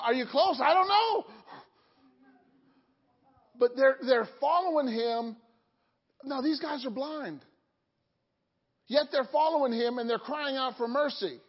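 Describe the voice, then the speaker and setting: High-voiced woman preaching in an echoing hall. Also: animated, slow, pauses often, slightly rough. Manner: asks the congregation questions, joking asides. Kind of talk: sermon. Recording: dull lo-fi hall recording.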